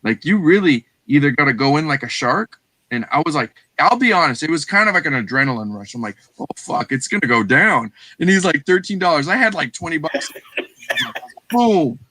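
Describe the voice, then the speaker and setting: A middle-aged man with a Texan accent, casually telling a reselling story on a show, animated and acting out the people he quotes. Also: on the high side, normal speed, dry recording. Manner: animated, acts out quoted voices, swears casually. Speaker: guest reseller.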